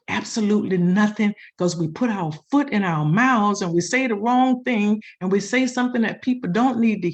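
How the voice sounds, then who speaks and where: Middle-aged woman chaplain, African American accent, expressive preacher-style delivery. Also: on the high side. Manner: expressive, swings into emphatic preaching cadence. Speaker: hospital chaplain and pastoral educator. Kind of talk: community panel talk, preacher-like.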